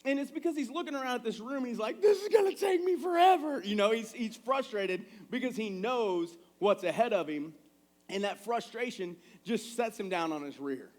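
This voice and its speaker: A man in his thirties preaching a sermon in a church, telling family stories in a conversational, animated way. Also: high-pitched, moderate pace. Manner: conversational, animated storytelling with acted quotes. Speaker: pastor. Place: church sanctuary.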